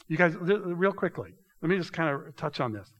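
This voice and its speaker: A man preaching a sermon to a congregation, reading scripture aloud, calling them "you guys", and swinging between quiet, drawn-out asides and loud, emphatic passages. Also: a little high, animated, highs cut off. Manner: addresses the congregation directly, often saying "you guys". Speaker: pastor.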